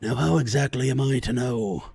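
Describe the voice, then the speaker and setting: A man's voice: medium pitch, moderate pace, vocal fry, a little mellow, husky, dry recording. A man doing a cheeky young dwarf gatekeeper. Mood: wary. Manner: mocking, sly banter.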